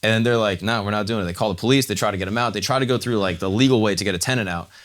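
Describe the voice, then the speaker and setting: Fast-talking deep-voiced man telling a story. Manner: animated retelling, acts out quotes, swears casually. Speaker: podcast co-host. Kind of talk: casual storytelling chat.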